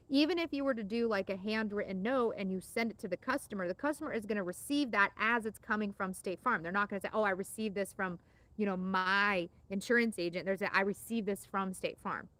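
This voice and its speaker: A woman's voice: mid-range voice, no echo. A woman teaching an insurance exam-prep lesson in a chatty, casual way, with lots of fillers and repeated words.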